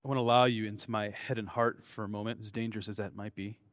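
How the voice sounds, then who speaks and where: Male pastor, low voice, dry close sound, relaxed sermon storyteller who talks like a conversation. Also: fast, no room sound. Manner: conversational storytelling, candid asides.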